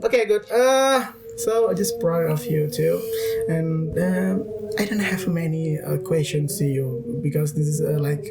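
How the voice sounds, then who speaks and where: A man's voice: on the high side, measured pace, vocal fry, loud music behind the voice. A young Indonesian man hosting a campus podcast in hesitant English with an Indonesian accent, searching for words. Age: young adult. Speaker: podcast host. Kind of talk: casual interview chat.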